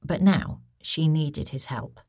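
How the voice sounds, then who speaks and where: Casting: woman storyteller, low voice, dry close sound, animated bedtime reading. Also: takes it slowly, slightly rough, dry recording. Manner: lively, expressive, asks the listener questions.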